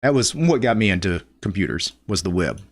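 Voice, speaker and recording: A man's voice: sits low, very animated, brisk. A middle-aged man from Louisiana with a Louisiana accent, hosting a casual live stream, chatting loosely, laughing often and reading viewer comments aloud.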